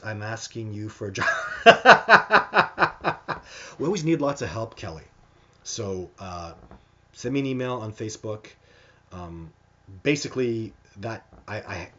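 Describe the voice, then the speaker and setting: Low husky man hosting a live chat. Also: highs cut off. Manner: emphatic and animated, with frequent restarts. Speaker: host of a live Q&A stream. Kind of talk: casual live chat answering viewer questions.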